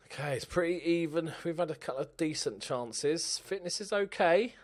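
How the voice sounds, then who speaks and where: Excitable man commentating a game. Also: fairly high pitch, normal speed. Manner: excitable, swearing, talks to himself. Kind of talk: casual gameplay commentary.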